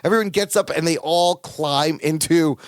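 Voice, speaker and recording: A man co-hosting a podcast, recapping an episode in playful, animated storytelling. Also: a little high, normal speed, no echo, clean studio sound. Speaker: podcast co-host.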